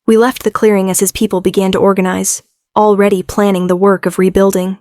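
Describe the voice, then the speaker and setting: Flat-toned woman narrating an audiobook. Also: medium pitch, a little fast, no echo, clean studio sound. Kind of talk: scripted first-person audiobook narration.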